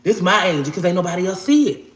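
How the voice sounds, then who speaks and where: A woman's voice: on the low side, expressive, fast talker. A woman in her forties tells a long personal story straight to camera, swearing to God and calling out to her viewers. Her talk is emphatic and casual. The sound rings with a roomy echo. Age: 40s. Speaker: storyteller vlogger. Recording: echoey room.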